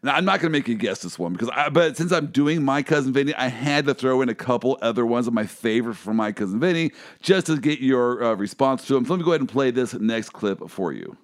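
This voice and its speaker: A man hosting a casual chat, an animated storyteller who laughs often and tells stories from his own legal work. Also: medium pitch, fast, hardly any pauses. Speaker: host, lawyer.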